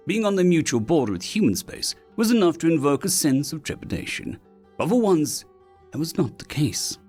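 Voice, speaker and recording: A man's voice: medium pitch, a little mellow, slightly rough. A man reading sci-fi short stories aloud as scripted narration.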